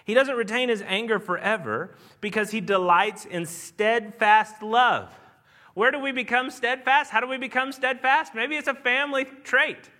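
A man with a regional Southern American accent preaches a church sermon in an earnest, conversational manner. His voice sits high and sounds bright and forward. He restarts phrases and then swells into emphatic lines. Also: moderate pace. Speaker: pastor. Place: church sanctuary.

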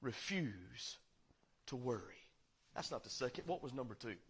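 A man preaching a sermon as pastor, swinging between loud proclaiming and quiet, confiding asides. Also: medium pitch, lively intonation, moderate pace, husky. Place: church sanctuary.

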